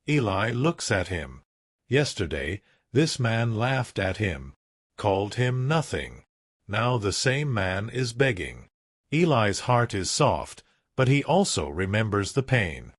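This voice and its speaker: Man, story narrator, slow, lively pitch, dry close sound. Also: husky, no echo.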